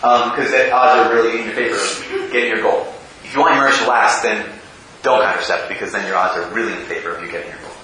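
A man's voice: on the low side, fast, slight background noise. A man giving a talk and answering audience questions, telling stories and acting out quotes. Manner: animated storyteller, acts out quotes. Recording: echoey hall, voice from far off.

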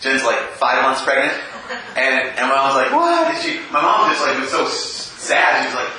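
A man giving a church talk, telling personal stories with humour, often laughing and adding quick asides. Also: mid-range voice, little pitch movement, pushed and bright, a little hiss or hum. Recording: echoey room, from a distance.

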